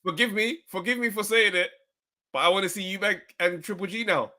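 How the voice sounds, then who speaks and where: A man co-hosting a podcast, telling stories excitably and laughing as he talks. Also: high voice, fairly quick. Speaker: podcast co-host. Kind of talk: casual boxing chat.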